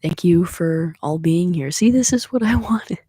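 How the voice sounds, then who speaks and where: A young adult ASMR livestreamer in soft-spoken, whispered ASMR chat, rambling and emotional, talking from a small room at home. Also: medium pitch, moderate pace, no room sound, clean studio sound.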